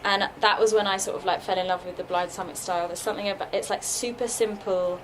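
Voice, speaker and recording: During a laid-back Q&A in a festival workshop room, a guest puppeteer talks fast in a steady, medium-pitched, fairly bright voice. The noisy live recording catches her chatty style, heavy on "likes" and filler words.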